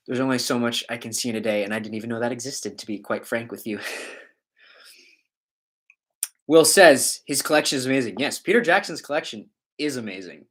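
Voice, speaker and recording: A man's voice: medium pitch, fairly bright tone. Rambling, joking male livestream host. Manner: rambling, joking, laughs often. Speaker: livestream host reading viewer chat. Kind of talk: casual livestream chat.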